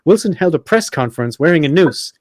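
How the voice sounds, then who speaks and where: A man hosting a podcast, reading a prepared script quickly with chatty asides and self-corrections. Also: a little high, animated, darkish tone, dry recording, clean studio sound. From Ireland. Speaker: podcast host.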